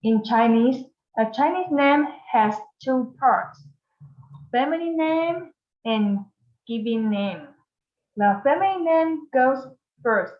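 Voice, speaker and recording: A woman teaching a beginner Mandarin lesson in English, modeling each word slowly and carefully for learners to repeat. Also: on the high side. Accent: Taiwanese Mandarin. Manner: slow, careful modeling of words for repetition. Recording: echoey room, slightly dull sound.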